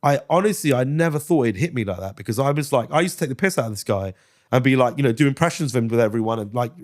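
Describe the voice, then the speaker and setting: Guy from britain telling stories on a podcast, animated, swears a lot, does little impressions. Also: medium pitch, rapid-fire. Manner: animated storyteller, swears freely, slips into impressions. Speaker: guest actor and comedian. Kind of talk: casual podcast interview.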